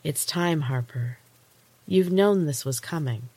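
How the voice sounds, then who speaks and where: A woman reading a story aloud, voicing a menacing supernatural woman who talks in a low, gentle, teasing way. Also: lively intonation, takes it slowly, husky, dry recording, exaggerated voice. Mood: quiet menace.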